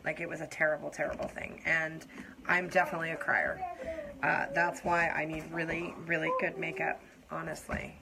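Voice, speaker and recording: A young adult woman chatting openly to her viewers as she does her makeup on a live stream, confiding and laughing softly. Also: low-pitched, little pitch movement, normal speed, vocal fry, noisy background. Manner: warm, confiding, breaks into soft laughs. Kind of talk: casual heartfelt chat to viewers while doing makeup.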